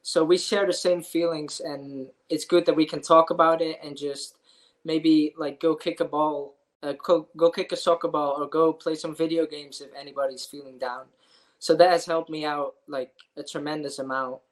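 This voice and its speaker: A man's voice: fairly high pitch, level tone, normal speed, low-quality recording. A young man from the Netherlands with a Dutch accent, answering interview questions earnestly with frequent ums and uhs. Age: young adult. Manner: earnest, with frequent fillers and restarts. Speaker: student athlete, interviewee.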